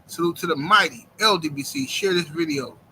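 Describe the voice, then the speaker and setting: High, bright-voiced man hosting a live stream. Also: fairly quick, a little hiss or hum, rough recording. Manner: animated, joking, slangy. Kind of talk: casual live stream chat. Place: home.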